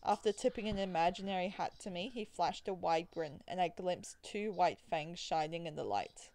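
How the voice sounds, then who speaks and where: A woman reads a visual novel aloud in a fairly low voice, narrating the story and then drifting into chatty, rambling asides. Faint game music plays behind her. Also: lively intonation, moderate pace, darkish tone. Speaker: let's play gamer.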